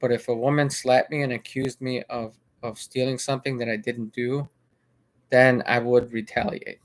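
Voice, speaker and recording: A vlogger recounts a video he watched in casual spoken commentary, rambling with filler, restarting sentences, and repeating himself. His medium-pitched voice keeps fairly even intonation at a normal speed.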